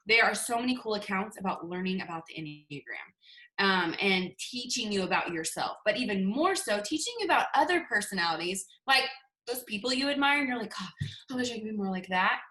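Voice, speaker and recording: Upbeat woman coaching her team on a video call; animated storyteller with a crisp, bright tone and a roomy echo. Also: mid-range voice. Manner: chatty, animated storytelling with acted-out quotes. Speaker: team leader giving a sales training. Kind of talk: casual motivational talk on a video call.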